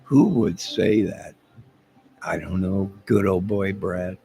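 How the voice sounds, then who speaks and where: A man with a very deep, gravelly voice rambles through a casual vlog story, full of asides and chuckles. Soft music plays faintly behind him. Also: slow pace. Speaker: vlogger.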